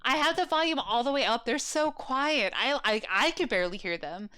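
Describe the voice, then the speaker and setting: A woman's voice: on the high side, expressive, normal speed, clear, resonant tone. Chatty woman reacting to a game. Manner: chatty, reacts out loud, reads lines aloud. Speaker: let's play host. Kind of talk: casual gameplay commentary.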